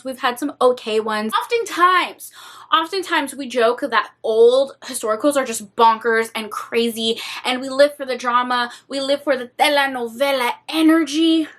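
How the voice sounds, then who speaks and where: A young woman chatting casually in a reading vlog, dramatic and animated, swearing freely. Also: high voice. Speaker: book vlogger.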